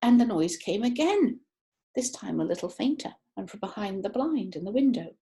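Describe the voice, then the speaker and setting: A woman narrating a children's book, expressive and stretching words for effect. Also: medium pitch, normal speed. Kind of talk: children's audiobook reading.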